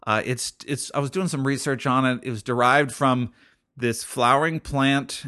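A man's voice: medium pitch, sharp tone. Conversational male pastor preaching. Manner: conversational, thinking aloud with frequent restarts. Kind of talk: sermon.

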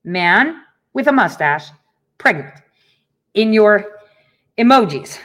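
Animated middle-aged woman ranting to viewers. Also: medium pitch, slow pace. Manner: animated storytelling, laughs often, swears. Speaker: online show host. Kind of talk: casual ranting monologue.

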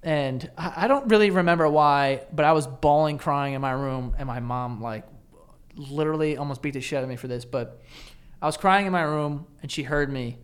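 A man's voice: fairly high pitch, normal speed, smooth. A man in his thirties co-hosting a podcast, telling laid-back stories in casual chat and acting out the voices of the people in them. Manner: laid-back storyteller, acts out quotes. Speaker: podcast co-host.

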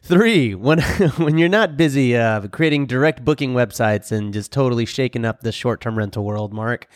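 A man's voice: mid-range voice, moderate pace, dry recording, clean studio sound. A man hosting a podcast who asks his guest questions in a laid-back, self-mocking way. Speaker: podcast host. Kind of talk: casual interview chat.

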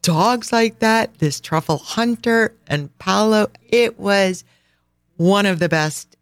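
A woman's voice: mid-range voice, takes it slowly, dry recording. A woman co-hosting a travel podcast, telling a story in casual chat, rambling and laughing often. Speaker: podcast co-host.

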